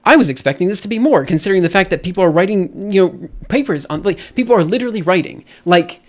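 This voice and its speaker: A man's voice: high-pitched, animated, quick pace. A man streaming, reading a research paper aloud and ranting about it in an exasperated voice that keeps repeating and restarting itself. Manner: exasperated, repetitive, restarts often. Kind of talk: casual ranting commentary.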